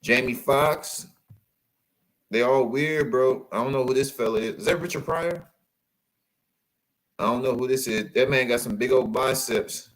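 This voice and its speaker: A man giving casual, animated commentary as he reacts to photos, calling out to his viewers. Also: medium pitch, unhurried, long pauses, rough recording. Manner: animated, exclaiming, addresses viewers as y'all.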